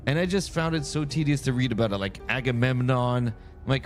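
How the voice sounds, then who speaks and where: A Frenchman chats casually while streaming a game, telling stories that ramble and keep breaking off to restart. His medium-pitched voice is expressive and fairly quick, with faint music in the background.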